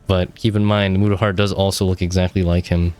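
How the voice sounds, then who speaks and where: A man with a very low voice running a tabletop game as game master, handing out rulings in a dry, teasing way. Faint music plays underneath. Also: level tone, fairly quick, darkish tone. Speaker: dungeon master.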